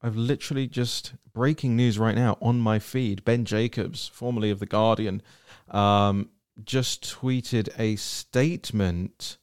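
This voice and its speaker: A man hosting a casual political podcast. He talks in an animated, joking way and speeds up in rapid bursts. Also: lowish voice, smooth. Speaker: podcast host.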